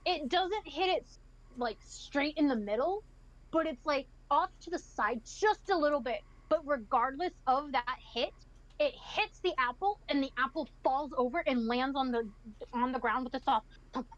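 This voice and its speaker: A woman's voice: sits high, moderate pace, lo-fi sound. A woman narrating a tabletop game as its game master, describing each scene vividly.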